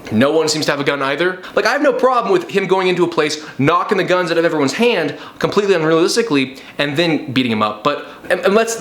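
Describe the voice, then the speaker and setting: A man's voice: fairly high pitch, fairly bright tone, reverberant. A young man reviewing a movie in a sarcastic, profane comic rant, often slipping into mock voices.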